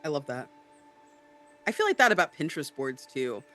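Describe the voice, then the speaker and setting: A man co-hosting a podcast in casual chat, animated and explanatory, often tagging on "right?". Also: on the high side, a little fast, soft background music. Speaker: podcast co-host. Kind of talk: casual chat about tabletop role-play.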